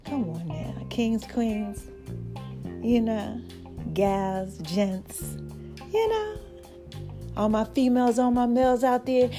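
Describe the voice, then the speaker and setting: Speaking slowly with long pauses, a podcast host with a slightly high, animated voice tells a story over music. She keeps it chatty and addresses her listeners directly as "baby" and "y'all" in this casual monologue.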